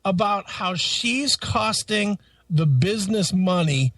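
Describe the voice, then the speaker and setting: A man's voice: sits high, takes it slowly, no echo, far from the mic. A man co-hosting a radio show, telling a story in a profane, casual way, swearing constantly and laughing as he talks. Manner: animated, swears constantly, laughs through stories. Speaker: radio co-host.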